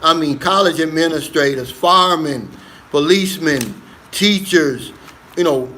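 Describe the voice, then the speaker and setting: A man's voice: fairly high pitch, measured pace, pushed and bright, a little hiss or hum. A man hosting a casual livestream on his phone, reading viewer comments aloud and answering them in an earnest, easygoing way. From United States. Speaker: livestream host.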